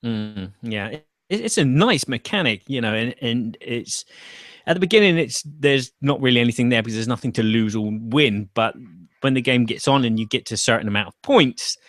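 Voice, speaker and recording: A man's voice: mid-range voice, animated, moderate pace, fairly bright tone, no room sound, studio quality. A man hosting a casual chat about board games, thinking aloud with fillers and restarts. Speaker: podcast host.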